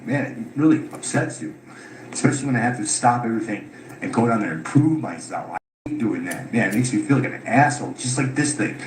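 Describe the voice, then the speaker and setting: A tired, frustrated man recounting his grievances, swearing often as he talks. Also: fairly low pitch. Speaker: caller telling his story. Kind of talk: unscripted recorded account. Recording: echoey room with loud background noise.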